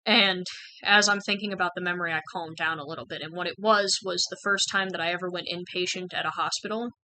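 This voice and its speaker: A woman's voice: lowish voice, fairly even intonation, quick pace, sharp tone, no echo, low-quality recording. A young woman candidly telling a personal story in a frank, conversational way, full of "like" and "um". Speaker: channel host sharing personal experience.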